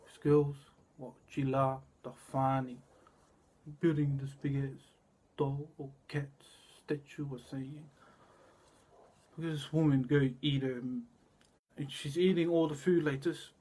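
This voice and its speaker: Husky guy rambling on and on, choppy repeating bits, goes quiet then loud. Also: medium pitch, flat delivery, slow. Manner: disjointed, repetitive, wandering from loud to quiet. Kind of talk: rambling spoken monologue.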